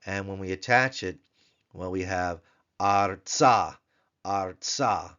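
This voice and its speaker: Deep-voiced man teaching slowly. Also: sharp tone, smooth, highs cut off. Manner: patient, repeats words slowly for pronunciation drill. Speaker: Biblical Hebrew tutor. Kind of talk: recorded grammar lesson.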